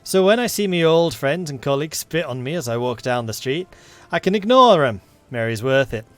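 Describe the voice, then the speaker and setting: A man voicing a gruff, blunt Yorkshire military policeman with a put-on Northern English accent, grumbling in a folksy way. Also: a little high, expressive, fairly quick, fairly bright tone. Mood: earnest.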